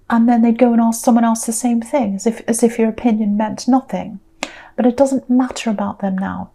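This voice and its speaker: A woman's voice: on the high side, mellow. A woman giving an intuitive tarot reading, earnest and repeating her phrases for emphasis. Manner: acts out quoted people in a mocking voice. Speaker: tarot reader.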